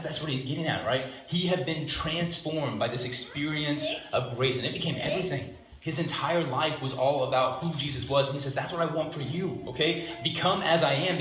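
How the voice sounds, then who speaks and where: Man preaching a casual sermon, bright echoey. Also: mid-range voice, a little hiss or hum. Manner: conversational, peppers lines with "okay?" and "right?". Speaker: pastor.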